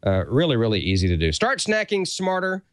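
A man's voice: mid-range voice, huge pitch swings, fairly quick, no room sound. A middle-aged man co-hosting a show, doing a jokey, self-mocking ad read in casual talk. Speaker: co-host reading an ad.

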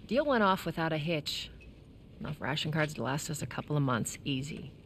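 A tough smuggler lady in a game, low voice, blunt, no nonsense. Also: big pitch swings, unhurried, fairly bright tone, a little hiss or hum, heavily acted. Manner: blunt, matter-of-fact. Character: tough adult woman smuggler, blunt and confident. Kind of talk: video game voice acting.

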